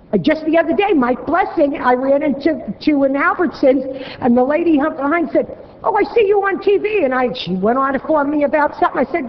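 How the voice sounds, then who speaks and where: Standing at a podium microphone in a city council chamber, a woman with a high voice delivers a blunt, scolding public comment. The hall is echoey, the broadcast sound is dull, and there's slight background noise.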